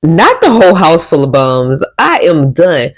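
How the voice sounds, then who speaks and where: A woman's voice: low voice, very animated, measured pace, low-quality recording. A woman hosting a reaction channel, giving exasperated, opinionated commentary. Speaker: reaction host.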